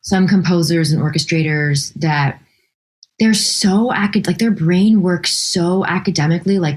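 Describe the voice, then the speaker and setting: A woman composer talks through her process in a fairly low voice. She is chatty and animated, laughs easily, and often restarts her sentences. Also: a little slow. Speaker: guest composer. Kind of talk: casual interview chat.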